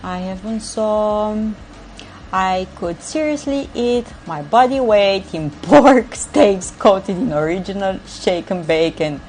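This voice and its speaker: Lady cooking dinner live on stream, talks real slow, laughs at chat a lot, mid pitch. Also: expressive, a little mellow, a little hiss or hum. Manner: chatty, laughs often while reading chat. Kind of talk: casual cooking livestream chat. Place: home kitchen.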